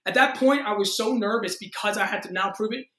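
A man in his thirties, an actor, telling a story in a casual interview with excited energy, acting out quotes and swearing freely. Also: high-pitched, quick pace, reverberant. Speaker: actor guest.

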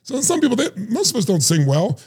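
A middle-aged man telling stories in an animated, emphatic way and acting out the voices he quotes. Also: high voice, a little fast, husky. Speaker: guest, life strategist. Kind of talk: animated storytelling.

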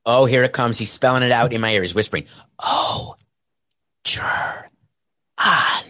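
A man races through his solo sports talk show in a mid-range, slightly bright voice, rambling and sarcastic with jokes along the way. The sports podcast host uses a headset mic with an earpiece at a home studio set with a camera and soundboard, and the sound is dry.

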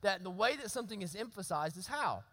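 A man's voice: high voice, expressive, fast, bright, forceful tone. A male pastor preaching a sermon in a church, talking conversationally, repeating his phrases and asking the congregation questions. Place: church sanctuary. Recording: long hall reverb.

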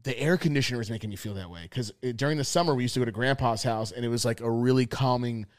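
A man's voice: medium pitch, rapid-fire, no echo, clean studio sound. A young man casually telling a wild story on a podcast, cursing freely, acting out quotes and laughing often. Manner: animated, profane, acts out quotes, laughs a lot. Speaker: podcast co-host.

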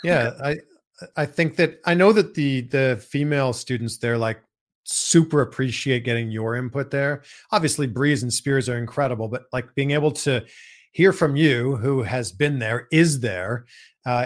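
A man's voice: medium pitch, moderate pace. A man from Canada hosting a casual interview, often restarting his sentences and filling with "like". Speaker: podcast host. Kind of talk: casual interview, read sponsor ad.

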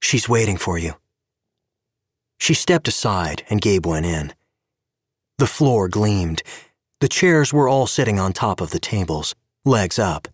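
A man giving an expressive scripted narration of an audio story. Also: on the low side, measured pace, breathy edge, dry recording, clean studio sound.

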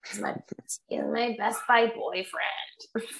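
A woman's voice: a little high, takes it slowly, creaky. A young woman co-hosting a podcast, chatting casually, swearing and laughing as she tells stories. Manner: animated, swearing, laughing storyteller. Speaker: podcast co-host. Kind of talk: casual chat.

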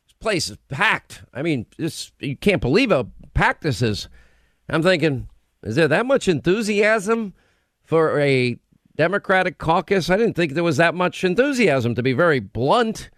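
Male radio host, opinionated and combative, slightly raised pitch, dry close sound. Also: sing-song, no room sound. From United States. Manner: combative, rapid run-on delivery. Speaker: radio talk show host. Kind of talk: opinionated political talk radio.

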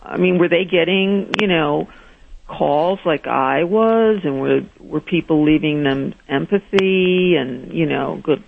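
Speaking slowly in a deep, gravelly voice, a woman who is a therapist and guest author recounts a story on a radio interview, performing the voices she quotes. The recording has a dull, lo-fi quality and faint noise.

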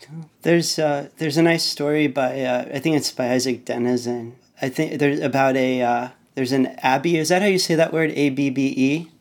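A man's voice: medium pitch, fairly even intonation, moderate pace. A man who is a podcast guest, retelling a story in a rambling, hesitant way with many restarts. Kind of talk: casual conversation, retelling a story.

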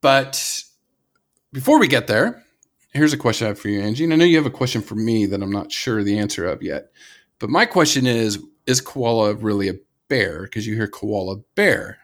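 A man's voice: on the low side, lively intonation, moderate pace. American man chatting on a podcast. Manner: enthusiastic, rambling with frequent restarts. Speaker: podcast co-host. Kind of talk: casual conservation podcast chat.

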